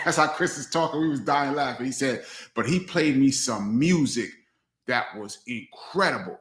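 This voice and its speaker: A man's voice: moderate pace, sharp tone. A man hosting a live Q&A chat as a DJ, telling stories casually and acting out other people's lines. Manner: loose storyteller, acts out friends' lines with big pitch jumps. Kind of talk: casual storytelling livestream. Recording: roomy echo.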